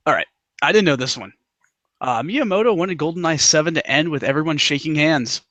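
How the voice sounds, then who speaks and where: A man's voice: fairly high pitch, lively intonation, a little fast, fairly bright tone, no echo. Easygoing man reading podcast trivia. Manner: easygoing, laughs often. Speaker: podcast host. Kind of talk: casual chat, reading out trivia.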